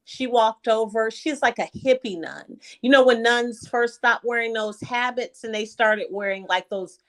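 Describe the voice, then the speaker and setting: High-pitched lady chatting on a stream, tells stories with lots of life. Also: moderate pace. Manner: animated storyteller. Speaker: livestream guest. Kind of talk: casual chat, storytelling.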